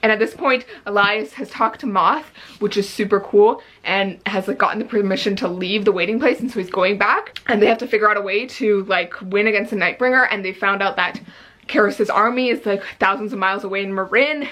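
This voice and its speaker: A woman's voice: medium pitch, brisk, a bit bright, rough recording. Gushing young woman vlogging about a book. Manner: gushing, breathless, filler-heavy. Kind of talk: excited reading-update vlog.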